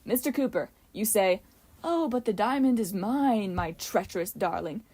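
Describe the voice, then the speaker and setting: A cheeky boy playing film director, as a woman reading a storybook puts him on. He barks orders imperiously and theatrically, pitched a little higher and louder than the narration. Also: expressive, normal speed, close to an everyday voice. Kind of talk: audiobook character voice.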